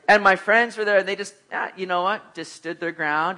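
A middle-aged man preaching a sermon, telling lively personal stories and acting out the voices of the people in them. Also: high-pitched, fairly quick, hardly any pauses. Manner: animated storyteller, acts out voices, laughs at himself. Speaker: pastor.

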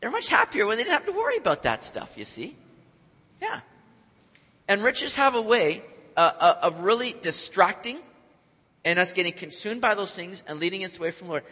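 A man's voice: sits high, sing-song, moderate pace, bright, forceful tone, slightly rough. A man preaching a sermon with energy and joking with the congregation. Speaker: pastor. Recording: long hall reverb.

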